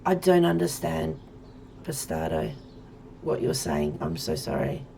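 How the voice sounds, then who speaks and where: Australian woman, 40s, game streamer; low, strongly gravelly voice, chatty and rambling. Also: sing-song, a little slow, dark tone, a little hiss or hum. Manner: chatty and rambling, talking to viewers while playing. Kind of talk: casual let's-play chat.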